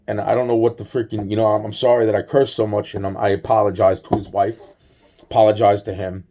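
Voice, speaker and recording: A man with a lowish, warm voice speaks at a normal, steady pace while recounting a personal story. He rambles and swears, restarts often, and acts out both sides of each conversation. A little background noise is audible.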